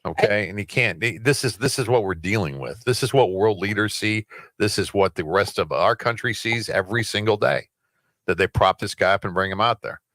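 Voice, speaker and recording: A man's voice: on the low side, fairly quick, a bit bright, no room sound, clean studio sound. A man who hosts a radio show, chatting casually and emphatically about politics. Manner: emphatic, rhetorical. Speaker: radio host.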